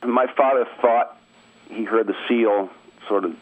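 A man's voice: fairly low pitch, unhurried, dry recording. A middle-aged man from Maine, a radio guest telling a family story over the phone in an easygoing, chuckling way. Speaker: interview guest. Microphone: telephone. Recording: tinny dry phone line.

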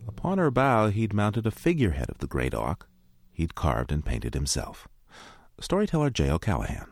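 A male radio host reading scripted narration in a smooth, measured way. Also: low voice, wildly swooping pitch, no echo, clean studio sound.

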